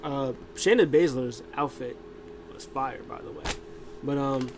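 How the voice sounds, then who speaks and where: A man's voice: mid-range voice, unhurried, background noise. A man casually recapping a wrestling show, rambling with lots of fillers and acting out quotes. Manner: rambling, many fillers and restarts, acts out quotes.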